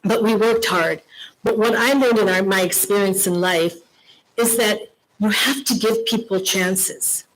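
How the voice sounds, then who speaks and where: Older woman from Lebanon, keynote speaker at a conference; emphatic storyteller, medium pitch. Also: measured pace, rough recording. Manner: storytelling, emphatic, repeats key phrases. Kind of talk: motivational conference speech.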